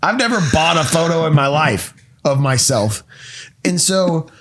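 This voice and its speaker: A male podcast host in his thirties tells a story in loose, casual chat, swearing freely and cutting in with quick asides. His voice sits a touch high and swings widely in pitch as he gets into it. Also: expressive, fairly bright tone.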